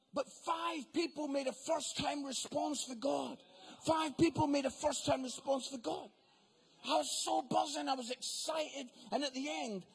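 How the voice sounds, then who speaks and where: A man preaching in a comic storytelling style, animated and acting out other people's voices, swinging between loud exclamations and hushed asides. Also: very high-pitched. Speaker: preacher and comedian.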